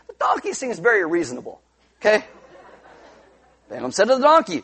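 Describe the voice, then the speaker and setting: A middle-aged man delivering a sermon in a fairly high voice. He tells the story with humor, slipping into playful voices for the characters and asking the congregation questions. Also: fairly quick, slightly rough. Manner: animated storytelling, acting out characters with funny voices. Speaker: pastor.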